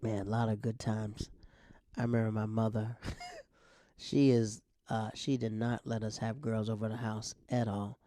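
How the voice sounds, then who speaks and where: In a lowish, warm voice with little pitch movement, this stand-up comedian and podcast host shares family anecdotes at a moderate pace in a casual monologue. He frequently laughs mid-story and mimics his family members' voices. There is no room sound.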